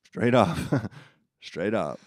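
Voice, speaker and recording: A man's voice: on the low side, very slow, dry recording, clean studio sound. A young man hosting a casual comedy podcast, telling stories and laughing often. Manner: joking, animated storytelling, laughs often. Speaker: podcast host.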